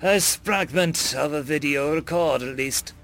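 A man voicing a young, nervous male alien student with tentacles, who stammers with excitement. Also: fairly high pitch, unhurried, soft background music. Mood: excited.

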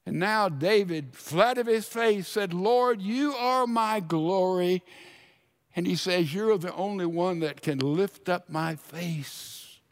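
A man preaching a sermon as pastor, dramatic, dropping to a hush when he quotes scripture. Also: sits high.

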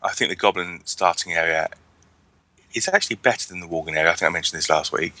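Male co-host, low bright voice, dry close mic, rambling wry delivery. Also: fast, no echo. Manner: chatty, wry, rambling with restarts. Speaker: podcast co-host. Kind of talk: casual chat.

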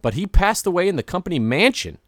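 A man's voice: high voice, quick pace, dry recording, clean studio sound. Man telling a haunted history casually. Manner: relaxed, telling a history with fillers and jokes. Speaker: podcast co-host. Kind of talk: casual storytelling chat.

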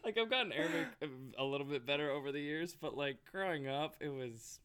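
A man's voice: on the high side, expressive, brisk, fairly bright tone. A man chatting casually on a podcast, telling stories animatedly and laughing often. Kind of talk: casual chat.

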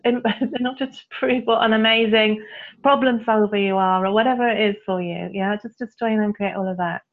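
A woman, a guest coach who tells stories with frequent laughter and leads clearing statements in a conversational interview. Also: mid-range voice, brisk. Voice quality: laughs often, animated storytelling. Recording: tinny phone-like line.

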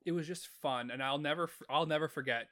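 A man's voice: fairly high pitch, fast, pushed and bright, a little hiss or hum. A man chatting casually about his old video store job, rambling with many restarts. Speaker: former video store clerk. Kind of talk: casual chat.

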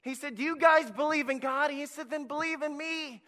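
Pastor type, male, high and bright, lively preaching, long reverb. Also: normal speed. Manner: energetic, preachy, drops to a hush for emphasis. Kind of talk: children's sermon.

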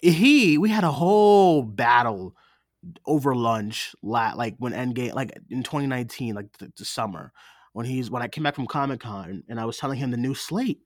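A young man co-hosting a casual film chat show. His voice swings widely in pitch as he tells animated stories and acts out other people's lines. The sound is dry and close. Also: normal speed, dry recording. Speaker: podcast co-host.

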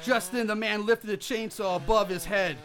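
A man's voice: high-pitched, moderate pace, music in the background. A man reading a comedy horror story aloud to friends, laughing and stumbling over words as he goes. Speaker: reader narrating a fan story.

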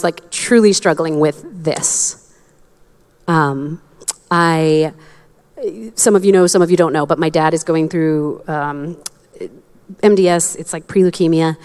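A woman's voice: fairly low pitch, a little mellow, clear, resonant tone, faint music behind. Candid woman preaching a casual sermon. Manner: conversational and candid, with quick laughs and asides. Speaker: pastor.

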